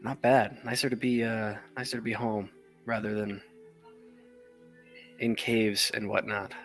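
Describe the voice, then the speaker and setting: A man's voice: lowish voice, flat delivery, unhurried, fairly bright tone, soft background music. Easygoing male tabletop player. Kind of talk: tabletop role-play.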